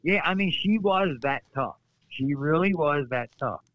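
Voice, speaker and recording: A man's voice: a little high, unhurried, no echo. Middle-aged man telling folksy wrestling stories. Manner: lively storyteller, folksy asides. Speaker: guest former wrestler. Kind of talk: casual storytelling on a podcast. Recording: slightly dull dry remote audio.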